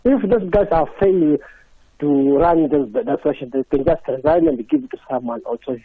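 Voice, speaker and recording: South African man, raised pitch, husky, hesitant, tinny phone line. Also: no room sound. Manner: halting, hesitant, many fillers. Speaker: caller. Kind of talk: radio call-in.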